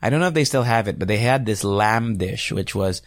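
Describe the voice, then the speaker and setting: A man's voice: lowish voice, brisk, no room sound, clean studio sound. A man, hosting a casual solo podcast, rambling and chatty and swearing freely. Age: 30s. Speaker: podcast host and radio DJ.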